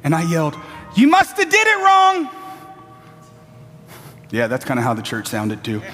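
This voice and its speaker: A man preaching a sermon, building to shouted peaks and throwing in playful asides to the congregation. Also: mid-range voice, long reverb tail.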